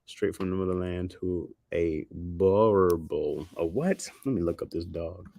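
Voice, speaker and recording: Male streamer, low voice, loose slangy rambling, laughs often, dry close sound. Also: a little slow, mellow, no room sound. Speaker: livestream host. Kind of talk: casual chat with viewers.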